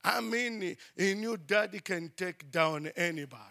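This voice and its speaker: A man preaching and telling a story in an animated way, often using "you know" and "I mean". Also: high voice, moderate pace, vocal fry. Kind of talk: sermon storytelling.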